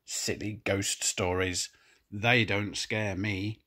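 A man voicing a grumpy farm dog in a storybook reading, gruff and a little weary. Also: on the low side, steady tone, takes it slowly, pushed and bright, heavily acted. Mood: grumbly.

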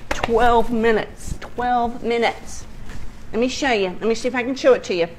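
A middle-aged woman hosting a home cooking video from her kitchen, chatty and excitable with frequent ums and giggles. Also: on the high side, normal speed, a little hiss or hum. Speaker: home cooking show host. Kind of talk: casual cooking chat.

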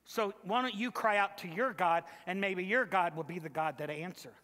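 A man's voice: high-pitched, normal speed, sharp tone, in a large hall. A man preaching voices a ship's captain urging a sleeping man to wake up and pray.

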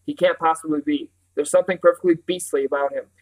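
An anxious, excitable young boy, as a male reader voices him, pleading urgently and earnestly. He speaks a touch higher than the narration, in a storybook reading. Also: fast talker, close to an everyday voice, rough recording.

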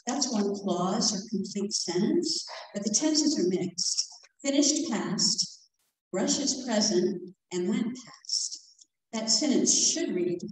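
A woman giving a prepared talk at a writing conference, reading her points aloud and slowing down to spell out examples. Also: mid-range voice, animated, a little mellow. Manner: slow and deliberate when spelling out examples. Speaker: conference speaker on self-editing. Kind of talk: prepared lecture read aloud. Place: conference room. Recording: echoey hall from far off.

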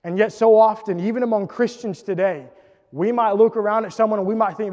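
A man's voice: high voice, fairly quick, darkish tone. A man preaching a sermon in an earnest, emphatic way, recorded in a church auditorium. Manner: earnest, emphatic preaching with rising intensity on quotes. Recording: dull sound in a reverberant church hall.

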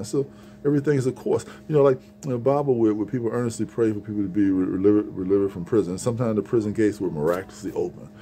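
Fast-talking man with a dark voice. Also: mid-range voice. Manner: rambling, conversational, many restarts and repeated words. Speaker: preacher. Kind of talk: informal spoken sermon.

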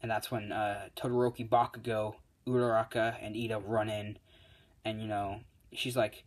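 A man's voice: on the low side, little pitch movement, normal speed. A man casually retelling a fan-made story as a YouTuber, rambling with lots of fillers and self-corrections.

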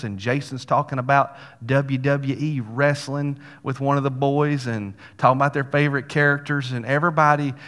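A man with a drawl delivers a sermon as a folksy story, tossing in little asides to his church. His voice carries a long reverb through a church sanctuary, with a pitch that sits right in the middle for a man. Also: a bit bright. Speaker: pastor.

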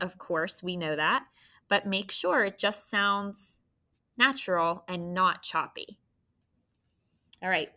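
Slow, bright-voiced woman teaching phonics. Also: medium pitch. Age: adult. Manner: slow, deliberate dictation with prompting questions. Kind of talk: recorded phonics lesson for students.

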